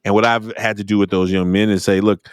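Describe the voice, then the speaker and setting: A middle-aged man hosting an interview podcast, talking in a lively storytelling way. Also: fast, smooth, dry recording, studio quality. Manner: animated storyteller, jumps high when acting out exchanges. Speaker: podcast host. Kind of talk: conversational interview.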